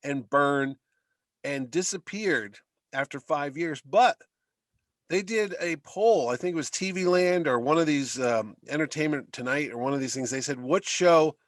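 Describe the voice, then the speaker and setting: A middle-aged man co-hosting a podcast, chatting casually and telling animated, rambling stories. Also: on the high side, measured pace, no room sound. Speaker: podcast co-host. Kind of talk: casual chat.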